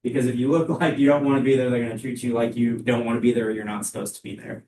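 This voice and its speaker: A young man giving a live sales training talk to a room of colleagues, with a loud, energetic, emphatic delivery. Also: mid-range voice, quick pace, a little hiss or hum. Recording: echoey room, mic far off.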